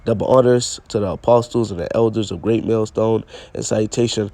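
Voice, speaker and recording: A man's voice: lowish voice, fairly quick, warm tone, dry recording. A man giving an informal sermon, reading old-style scripture aloud and explaining it in plain speech, often checking in with "all right?". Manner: repetitive, punctuates with "all right?"; reads scripture in King James English, then explains plainly. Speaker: preacher.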